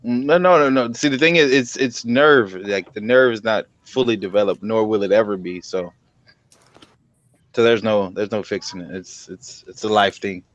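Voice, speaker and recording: A man's voice: on the low side, moderate pace, dry recording, highs cut off. A man in his twenties, a guest on a casual livestream chat, laid-back, swearing and laughing easily. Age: 20s.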